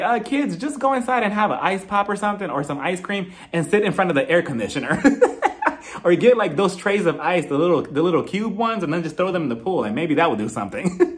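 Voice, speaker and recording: A man giving a casual, chatty solo review of a reality TV episode, often laughing at his own jokes. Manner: jumps into high-pitched exclamations when mimicking reactions.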